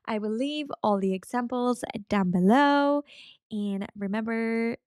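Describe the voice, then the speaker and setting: Slow, careful woman teaching Spanish. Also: fairly high pitch, a little mellow, clear, resonant tone, dry recording, clean studio sound. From Spain. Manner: slow, careful drills repeating each phrase. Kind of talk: beginner language lesson.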